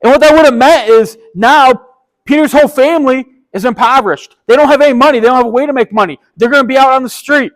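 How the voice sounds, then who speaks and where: Man, high voice, casual preacher, enthusiastic storyteller, slangy and chatty. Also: fast, low-quality recording. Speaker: pastor. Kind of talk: casual sermon retelling a story.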